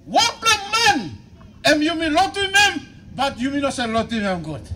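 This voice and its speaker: High, bright-voiced Papua New Guinean preacher man. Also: normal speed, slight background noise, rough recording. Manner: animated, emphatic preaching that swings from loud exhortation to low, quiet asides. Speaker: bishop preaching. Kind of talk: sermon.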